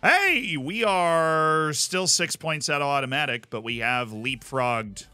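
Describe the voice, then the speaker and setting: Lively, bright-voiced American man streaming. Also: on the high side, takes it slowly, smooth, no echo, soft background music. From United States. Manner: rambling, chatty, reacts aloud to the game. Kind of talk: casual live-stream chat while gaming.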